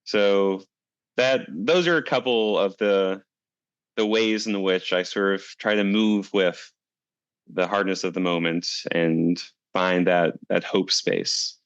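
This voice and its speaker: A man with a low voice answers interview questions in a calm, reflective way and tells a parable at an unhurried storyteller's pace. The recording is dry and a little dull, with no room sound. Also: clean tone, no echo. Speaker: guest, climate coalition director.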